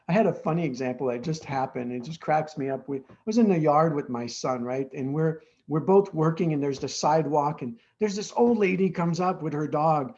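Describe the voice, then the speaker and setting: A man explains his views at length as an interview guest, earnest and patient. He keeps checking in with "right?" His voice sits somewhat high, and the recording sounds a little dull. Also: darkish tone. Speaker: guest, addiction treatment founder.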